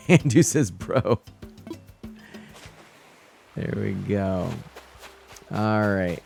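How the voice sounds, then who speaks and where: A man with a somewhat low voice gives live commentary on a fishing game. He talks casually to his viewers, reading their messages and laughing often. Faint game music plays behind him. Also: drawn-out words, vocal fry. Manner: chatty, reads out chat and greets viewers, nervous excited laughs. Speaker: game streamer.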